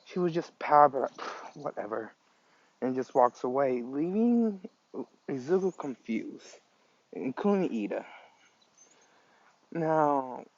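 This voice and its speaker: Male storyteller, slow and halting, dull lo-fi recording. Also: a little high, darkish tone. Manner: halting, many fillers. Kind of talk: improvised fan story narration.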